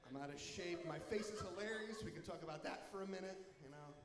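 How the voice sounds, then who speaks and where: A young man performing a self-mocking stand-up comedy set, animated, breaking into loud silly voices. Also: sits high, fast talker. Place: comedy venue with live audience. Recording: echoey live hall with crowd.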